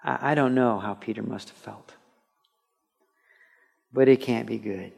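A man preaching a sermon to a congregation in an earnest, conversational way, sometimes building to animated storytelling. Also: medium pitch, unhurried, gravelly, husky. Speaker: pastor. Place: church, broadcast on radio.

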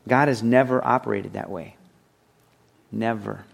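A man's voice: medium pitch, moderate pace. A man preaching a sermon in a chatty, conversational way, asking rhetorical questions and swinging his voice up and down for effect. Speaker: pastor.

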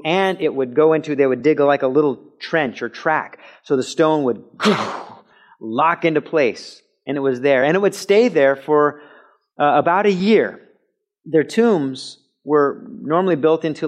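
A male pastor gives a sermon in a church sanctuary, speaking at a middle pitch. His delivery is easy and conversational as he explains things. Now and then he breaks into a loud, ringing shout. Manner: conversational teaching with sudden shouted quotes. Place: church sanctuary with a mic system.

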